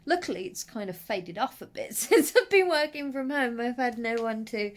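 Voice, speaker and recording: A woman's voice: a little high, normal speed. A woman from the English West Midlands with a faded Brummie accent, chatting casually and rambling in a home vlog about horror movies. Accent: faded Brummie / Black Country. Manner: chatty, rambling, lively with frequent asides. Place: at home, settled under a blanket.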